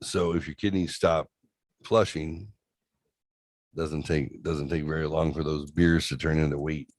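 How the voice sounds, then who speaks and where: A man's voice: rumbling low, steady tone, measured pace, dry recording, studio quality. A man in casual podcast chat, talking bluntly with frequent swearing and acting out what others said. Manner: blunt, swears freely, acts out quoted voices. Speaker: co-host.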